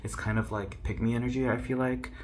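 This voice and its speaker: A man's voice: medium pitch, level tone, brisk, darkish tone. A Korean-born young man casually telling a personal story to camera, chatty and self-mocking. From South Korea. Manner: chatty, self-mocking, mimics others' voices. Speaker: YouTuber.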